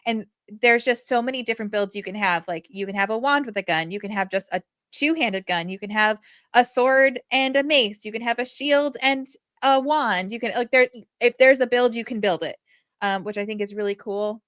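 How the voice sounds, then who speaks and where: A woman co-hosting a podcast in casual chat, animated and rambling with many fillers. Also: fairly high pitch, moderate pace, dry recording, studio quality. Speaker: podcast co-host.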